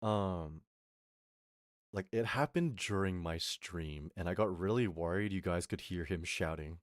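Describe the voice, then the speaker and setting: Here a young man streaming as a vtuber spins a loose, filler-heavy story for his chat, reading their messages and acting out quotes. The close-miked, dry recording captures his low-pitched voice at a measured pace.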